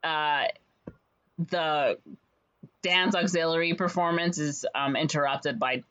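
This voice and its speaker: A young adult chattily retelling a musical's plot, with lots of ums and quick jumps in pitch to act out the lines. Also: steady tone, sharp tone, clean tone. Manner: rambling storyteller with many fillers, jumps to higher pitch for quoted lines. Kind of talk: casual chat. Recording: slightly dull lo-fi recording.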